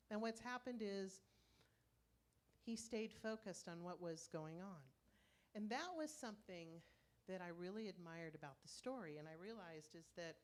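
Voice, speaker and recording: A woman minister giving a conversational sermon in a church, telling stories and acting out inner voices. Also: mid-range voice. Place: church sanctuary.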